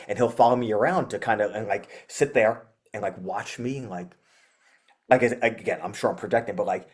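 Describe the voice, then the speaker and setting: A man, a guest musician, chatting casually in an interview, rambling with lots of fillers and animated retellings. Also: lowish voice, moderate pace.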